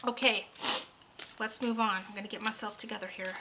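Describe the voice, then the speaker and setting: A woman's voice: medium pitch, fairly even intonation, fairly quick, pauses often, heavy background noise. A woman giving a weekly oracle card reading, talking earnestly and a bit ramblingly, openly emotional, her voice close to cracking. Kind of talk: spiritual card reading monologue.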